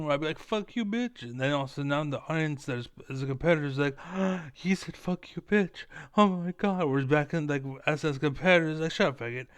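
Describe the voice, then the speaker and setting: A man's voice: mid-range voice, clean tone, no room sound. A man streaming, ranting in a profane, heated and blunt way as a former competitive gamer. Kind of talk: ranting livestream monologue.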